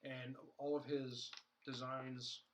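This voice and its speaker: A man's voice: medium pitch, little pitch movement, slow, a bit bright, slight background noise, rough recording. A man co-hosting a casual podcast chat, rambling along with jokes, fillers and restarts. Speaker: podcast co-host.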